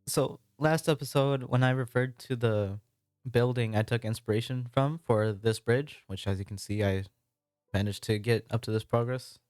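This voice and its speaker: A man's voice: medium pitch, moderate pace, a little mellow, dry recording, studio quality. A man with an American accent, casually narrating his own gameplay with a rambling, apologetic, self-deprecating manner. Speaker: Minecraft building let's-play creator.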